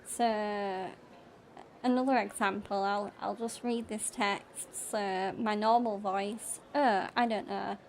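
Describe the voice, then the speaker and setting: A chatty British woman in her twenties commentates casually over a game, reading chat aloud and laughing easily. Her pitch stays fairly flat and even. A faint background hum sits under her voice. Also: takes it slowly. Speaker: gaming streamer.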